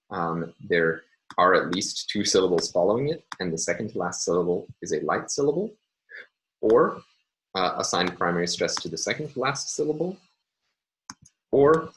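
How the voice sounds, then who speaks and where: Low-voiced male lecturer, careful and halting. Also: a bit bright, low-quality recording. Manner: careful, self-correcting, with frequent ums and uhs. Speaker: linguistics lecturer. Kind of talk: recorded lecture over slides.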